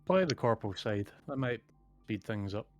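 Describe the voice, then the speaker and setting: A man's voice: on the low side, lively intonation, moderate pace, highs cut off, faint music behind. A man playing a tabletop game over voice chat, teasing his friends and laughing. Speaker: tabletop player. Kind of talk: casual play over voice chat.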